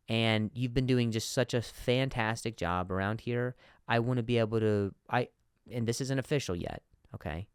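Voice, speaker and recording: A man hosts a comedy podcast, delivering a comedic monologue full of restarts and repeated words while acting out bosses and workers in shifting voices. His mid-range voice is clear and resonant at a moderate pace, in a dry, clean studio recording.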